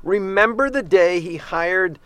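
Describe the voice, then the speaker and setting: A man, a comedian guest, in casual, animated, joking chat on a radio talk show. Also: sits high, a little slow, smooth, no echo.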